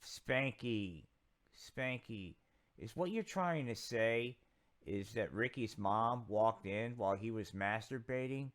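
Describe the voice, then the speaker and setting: A man voicing a patient grown-up puppet mentor who lectures gently in a comedy puppet sketch. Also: on the low side, lively intonation, takes it slowly, pitched below the performer's own voice.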